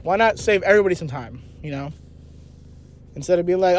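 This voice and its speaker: A man's voice: high-pitched, wildly swooping pitch, fast, dry recording. A man telling a rambling, profane, joking story while sitting in his car. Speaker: vlogger. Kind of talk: casual storytelling rant. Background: car engine noise.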